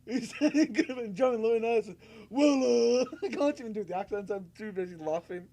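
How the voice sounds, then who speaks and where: A man's voice: high-pitched, a little fast, creaky, dark tone. A man co-hosting a wrestling podcast, laughing often and repeating himself as he talks. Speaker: podcast co-host. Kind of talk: casual wrestling chat.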